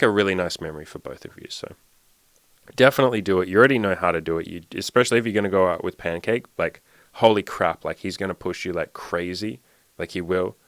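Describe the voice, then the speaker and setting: A deep, slightly bright voice with no room sound belongs to a young man who coaches dating and self-improvement. He tells a story as a casual monologue, wandering loosely and packing it with "like" fillers.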